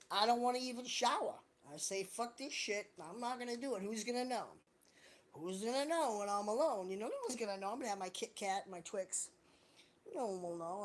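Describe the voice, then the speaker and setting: A woman talking straight to her viewers on a live stream, sliding loosely from one thought to the next and dropping curse words freely. Her voice sits a little higher than most. It has the loose, joking feel of someone chatting alone at home. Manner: profane, rambling, jokey. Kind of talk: casual livestream chat.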